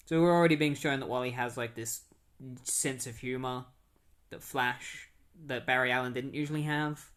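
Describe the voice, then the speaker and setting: A man casually retelling a comic book story as a podcast host, rambling with many fillers and quick quoted asides. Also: medium pitch, fairly even intonation, fairly bright tone.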